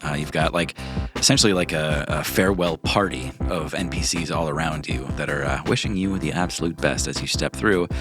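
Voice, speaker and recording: A man acting as game master, narrating a tabletop adventure in a relaxed, descriptive way. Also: extremely low pitch, brisk, hardly any pauses, music in the background.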